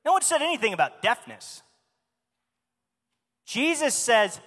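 A man's voice: extremely high pitch, very animated, unhurried, long pauses, fairly bright tone. A man preaching a sermon in a church, speaking emphatically and asking the congregation questions. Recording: long hall reverb.

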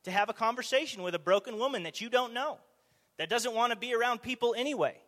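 High-voiced man preaching in a reverberant hall. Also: fast talker. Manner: animated, asks the audience rhetorical questions. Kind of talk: conversational sermon.

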